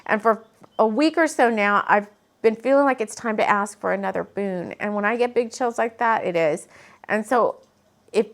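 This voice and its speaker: A woman's voice: mid-range voice, normal speed. A woman channeling spiritual messages and reading tarot cards to the camera in an earnest, meandering way that turns emotional, speaking from her home. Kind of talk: casual spiritual video talk. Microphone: camera mic.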